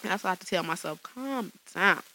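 Solo podcast host, woman, gravelly and bright, loose chatty delivery with frequent laughs. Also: fairly low pitch, steady tone, rapid-fire, a little hiss or hum, rough recording. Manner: chatty, laughs often, casual slang. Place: small home studio.

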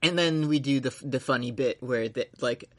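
A male podcast co-host rambles through a casual anime recap chat in a mid-range, slightly bright voice at normal speed. He swears freely, laughs often, and acts out the characters' lines.

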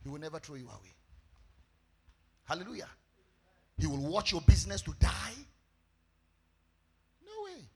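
A male pastor, preaching a fervent sermon that breaks into shouts and sung phrases. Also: on the high side, wildly swooping pitch, moderate pace, long pauses.

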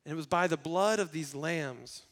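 A man with a somewhat higher voice preaches a sermon. He is earnest throughout and swings from loud, emphatic lines to hushed, quiet ones. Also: normal speed. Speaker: pastor.

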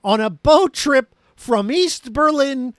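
A high-pitched man talks through an old film with a co-host, his voice swinging up and down as he mocks the plot. The sound is close and dry, with no room around it. He is sarcastic and laughs easily. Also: slow, dry recording. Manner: animated, sarcastic, laughs often. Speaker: podcast co-host. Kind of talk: casual movie review chat.

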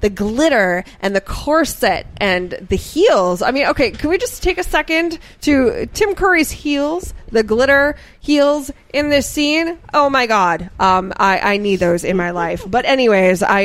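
A woman gushes in casual podcast chat, excitable and full of halting restarts. Her voice sits a little high.

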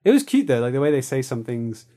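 A man's voice: mid-range voice, sing-song, fast, dark tone. A young man hosting a casual podcast chat, rambling, swearing and acting out quoted lines. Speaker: podcast host.

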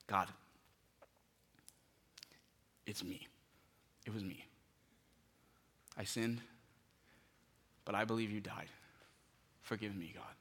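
A man preaching a sermon as pastor, pleading with his listeners and dropping from loud bursts to hushed tones. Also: fairly low pitch.

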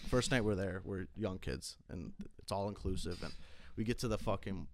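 A man's voice: deep voice, normal speed, noisy background. A young man telling stories in casual chat, rambling, swearing a lot and filling his talk with fillers. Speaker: storyteller.

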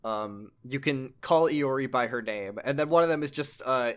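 A man's voice: medium pitch, moderate pace, clear, resonant tone. A man in casual chat, recapping a video game story in a rambling way with many fillers and self-corrections.

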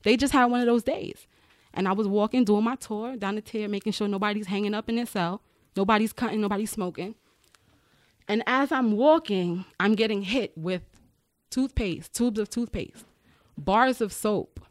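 A woman's voice: medium pitch, normal speed, no echo, studio quality. A woman who works as a corrections officer tells frank stories from her job in a podcast conversation, acting out the voices of the people she quotes. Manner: animated, acts out others' voices when retelling; frank, uses profanity.

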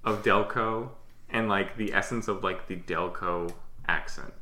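A man hosting a casual podcast, eager and jumping in with quick asides. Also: deep voice, fairly even intonation, bright, forceful tone. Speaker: podcast host. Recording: roomy echo.

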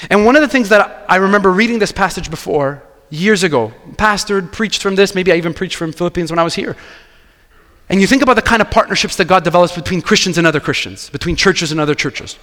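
High-voiced pastor preaching. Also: male voice, quick pace, in a large hall. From Quebec. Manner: animated storytelling, acting out dialogue. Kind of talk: sermon.

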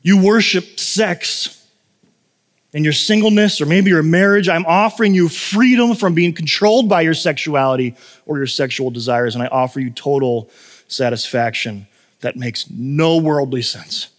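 Chatty preacher in a reverberant hall. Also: male voice, fairly high pitch, normal speed. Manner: conversational, self-deprecating storytelling with frequent "right?". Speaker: pastor. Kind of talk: sermon.

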